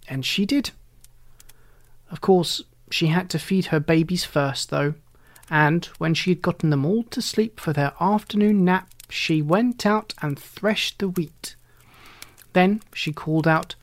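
Slow, unhurried children's storyteller. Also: mid-range voice. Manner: gentle, unhurried storybook reading. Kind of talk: reading a children's story aloud.

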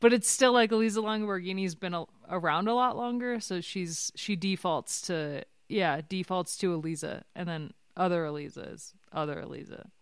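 A woman chats on a podcast as an eager guest. Her voice sits a little low and sounds smooth and clear. The recording is dry and close. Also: normal speed, hardly any pauses, no echo. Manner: animated, excitable, frequent laughs. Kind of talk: casual podcast chat.

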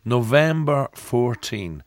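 A man's voice: medium pitch, very animated, takes it slowly, dry recording. A male radio presenter telling a chatty anecdote on live radio.

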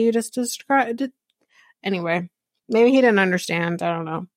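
A woman's voice: medium pitch, no room sound. Chatty woman recapping with a dry sound. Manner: chatty, with frequent fillers and quick asides. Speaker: podcast host recapping a reality show. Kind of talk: casual recap chat.

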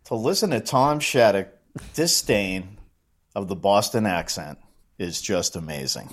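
A man leaving a recorded message for a podcast, roasting the host in a deadpan voice. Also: on the low side, unhurried. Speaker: listener caller.

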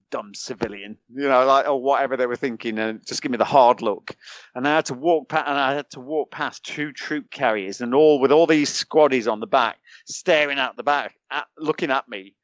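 A British man, a former soldier and podcast guest, telling animated stories in casual chat, chuckling and restarting his sentences. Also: medium pitch, dry recording, lo-fi sound. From United Kingdom. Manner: animated anecdotes, chuckles often, many restarts. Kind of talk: casual storytelling.

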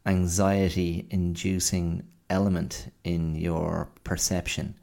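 Man, very low voice, gravelly fry, rambling casual monologue, self-deprecating. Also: little pitch movement, slow, darkish tone. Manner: rambling, self-deprecating storytelling with many fillers. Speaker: podcast host.

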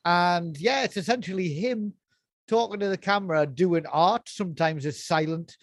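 A man's voice: sits high, moderate pace, no room sound. A man co-hosting a casual podcast, chatting about old children's TV, laughing often and trailing off mid-sentence. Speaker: podcast co-host. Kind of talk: casual chat about nostalgic kids' TV.

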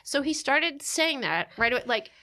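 Animated chatty woman telling a story. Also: high-pitched, normal speed. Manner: animated, frequent restarts and fillers, laughing asides. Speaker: podcast guest. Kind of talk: candid storytelling in conversation.

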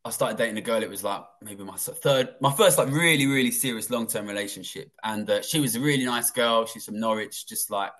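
A man's voice: lowish voice, fairly quick, hardly any pauses, fairly bright tone. A man in his thirties, a former trader and interview guest, telling his life story in a rambling, candid way with lots of swearing and fillers.

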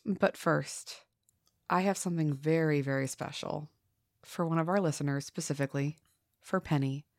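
A woman's voice: sits low, moderate pace, no echo, studio quality. A woman hosting a casual podcast while sick, with a sore throat, talking in a playful, jokey way. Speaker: podcast host.

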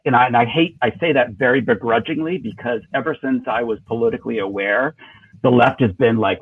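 A man's voice: mid-range voice, fairly quick, slightly rough, no room sound. A man as an interview guest, talking politics in a thoughtful, hesitant way with many fillers and restarts. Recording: tinny dry phone line.

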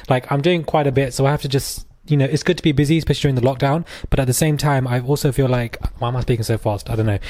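A young British man hosts his podcast in loose, casual chat. He talks in a sarcastic, rambling way, full of fillers and asides, at a mid pitch. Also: a little mellow, no echo, studio quality. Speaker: podcast host.

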